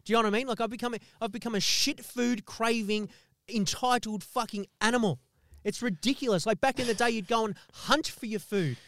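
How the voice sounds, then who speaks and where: A man's voice: extremely high pitch, brisk, fairly bright tone, no room sound, studio quality. A man hosting a podcast, ranting in a heated, sweary, comedic way and often asking "do you know what I mean". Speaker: podcast host. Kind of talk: profane comedic rant.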